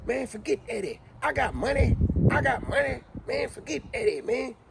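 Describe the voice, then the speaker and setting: A man voicing a boastful rich man who loudly mocks a famous comedian. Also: very high-pitched, normal speed, gravelly, very noisy, pitched above the performer's own voice, heavily acted. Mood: mocking.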